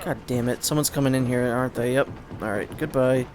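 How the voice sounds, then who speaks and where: Over music, a man with a mid-range voice and fairly even intonation talks briskly through a let's play. His commentary rambles, with regular sentence restarts and bursts of swearing.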